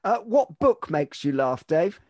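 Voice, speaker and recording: A man hosting a podcast, with a high and very lively voice that swings around as he fires off brisk, quick-fire questions. The sound is dry and close. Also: no echo. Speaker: podcast host. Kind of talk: interview questions.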